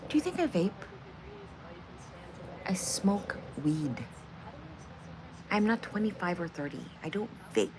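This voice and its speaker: Woman streamer, low-pitched and animated, swears a lot, chatty. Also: slow, pauses often, noisy background. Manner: profane, rambling, laughs a lot. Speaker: livestream host. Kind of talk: casual livestream chat.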